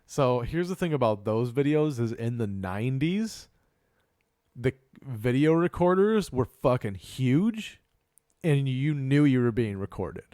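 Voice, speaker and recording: A man co-hosting a casual video game podcast, swearing freely and acting out the shouting gamers he tells about. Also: medium pitch, animated, measured pace, no echo, clean studio sound. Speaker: podcast co-host. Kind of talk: casual chat.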